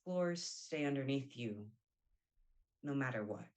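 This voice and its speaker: A woman's voice: extremely low pitch, lively intonation, unhurried, darkish tone, low-quality recording. A young woman playing a bitter, abandoned young woman in a brooding stage monologue.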